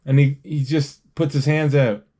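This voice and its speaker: A man casually retelling a movie scene by scene, rambling with restarts and quick acted quotes. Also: on the high side, fairly even intonation, dark tone, slightly rough.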